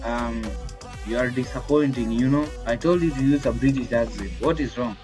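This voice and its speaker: A man's voice: mid-range voice, moderate pace, darkish tone, soft background music. A young man chatting casually with his voice assistant, hesitant and rambling with lots of fillers. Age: young adult. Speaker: tech video creator.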